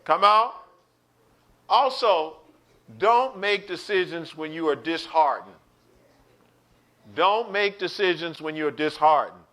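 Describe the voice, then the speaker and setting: A high-voiced man gives an online Bible study sermon. His voice is bright and forceful, and he preaches with animation, acting out quotes and calling out to his listeners. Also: expressive, slow pace.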